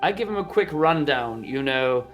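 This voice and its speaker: A man's voice: a little high, animated, normal speed, music in the background. Rambling man playing a tabletop game. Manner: rambling, joking. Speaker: player.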